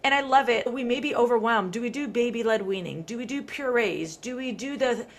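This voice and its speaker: A woman in her thirties hosts a podcast in a lively, chatty way, with a voice set a little higher than most. She sprinkles her talk with "like" and talks casually to her guest. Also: fairly quick. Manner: animated, chatty, full of "like" fillers. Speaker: podcast host. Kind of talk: casual conversational chat.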